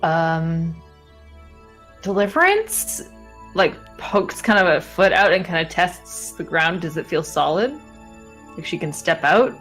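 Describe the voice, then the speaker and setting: A woman playing a tabletop game, softly and hesitantly narrating her character's actions with many fillers. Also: on the low side, expressive, slow pace, faint music behind. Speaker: player.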